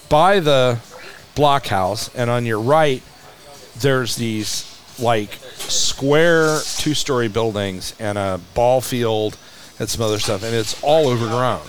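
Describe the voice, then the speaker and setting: Man telling animated stories. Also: medium pitch, measured pace. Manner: animated, acts out dialogue, laughs often. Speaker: museum managing director, podcast guest. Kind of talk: casual anecdotal storytelling.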